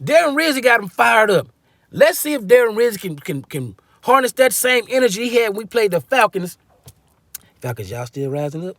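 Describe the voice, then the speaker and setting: A man's voice: high-pitched, very animated, brisk, fairly bright tone, no room sound. A man giving a casual, slangy football-fan rant, joking and acting out quotes as he goes. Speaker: sports fan commentator.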